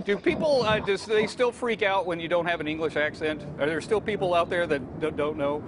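A man's voice: sits high, fairly quick, very noisy. A man hosting a morning TV show, chatting enthusiastically in a buddy-like way. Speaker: morning TV host. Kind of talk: casual morning show chat.

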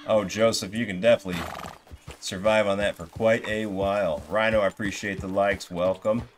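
Speaking at a moderate pace in a fairly low, fairly even voice, a man streams a game live through a gaming headset. Game music and hoofbeats play behind his relaxed commentary, and he thanks viewers along the way.

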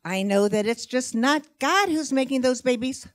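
A woman's voice: sits high, expressive, moderate pace, slight background noise, pitched above the performer's own voice. A woman voicing her young schoolgirl daughter, earnest and wide-eyed.

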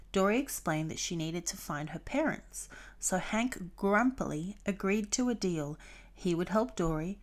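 A woman reading a children's storybook aloud, clear and expressive. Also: fairly low pitch.

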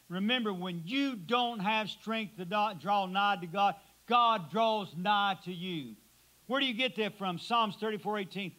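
High, bright-voiced preaching man. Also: low-quality recording. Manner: preaching with dramatic swings from loud to hushed. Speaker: pastor. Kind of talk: sermon. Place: church sanctuary.

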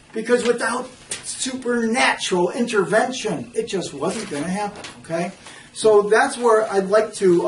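A man with a high voice teaches a church Bible class, animated and often restarting his sentences. He is recorded from a distance in an echoey room, with faint background noise. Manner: animated, acts out quotes, frequent restarts.

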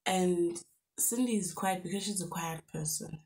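A young woman with a South African accent telling a storytime on her vlog, animated and lively, throwing in local slang exclamations. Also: fairly low pitch, a little slow, a little hiss or hum. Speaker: YouTuber.

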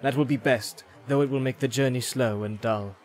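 A man's voice: medium pitch, steady tone, moderate pace, lightly acted. Man doing a firm, commanding ranger leader. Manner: firm, authoritative. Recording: background music.

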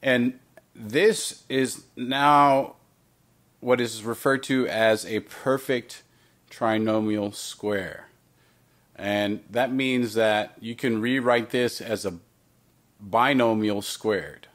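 A man's voice: lowish voice, fairly even intonation, drawn-out words, fairly bright tone. A man teaching a recorded math lesson. He talks through each step, asking and answering his own questions with playful asides.

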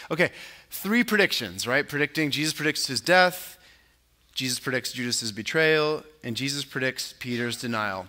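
A man's voice: lively intonation, moderate pace, bright, forceful tone. A man pastor giving a conversational sermon, acting out quotes and asking his listeners tag questions. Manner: conversational preaching, acts out quotes with rising pitch; frequent tag questions, casual filler words.

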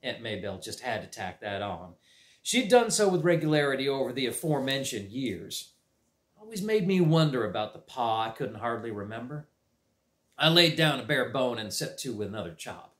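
A man's voice: medium pitch, big pitch swings, normal speed, a bit bright. A man reading a chapter book aloud for a library, narrating in a folksy drawl. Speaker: library read-aloud reader. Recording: roomy echo.

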